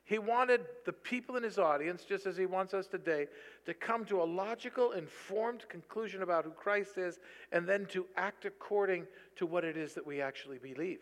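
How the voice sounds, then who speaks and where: A tired male pastor preaching a sermon, animated and breaking into loud bursts when he quotes. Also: sits high, normal speed. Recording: long reverb of a large hall.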